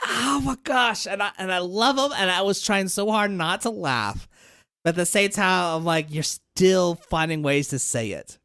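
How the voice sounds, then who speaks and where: Lively, expressive man in casual chat. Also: high voice, normal speed, smooth, dry recording, studio quality. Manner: animated storytelling, swears freely. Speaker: podcast guest.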